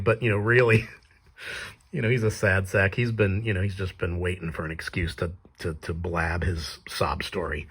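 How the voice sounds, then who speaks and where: A man's voice: fairly low pitch, fairly even intonation, normal speed. A man casually commenting on his own comic, chatty and prone to laughing as he explains it. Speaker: comic artist and creator.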